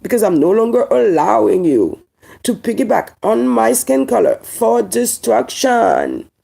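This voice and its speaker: A Haitian woman with a Haitian accent, an online commentator, delivers a heated, emphatic monologue to camera at a measured pace. Her fairly high voice is gravelly with heavy fry, dark and mellow in tone, with big pitch swings. She keeps repeating her points and asking rhetorical questions.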